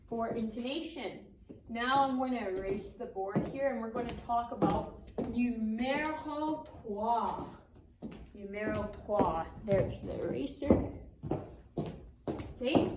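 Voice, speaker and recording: A woman teaching a French lesson at a whiteboard in a classroom, speaking slowly and deliberately and lifting her pitch sharply on example questions. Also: background noise. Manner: slow, deliberate, with exaggerated rising question pitch. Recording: echoey room, recorded from a distance.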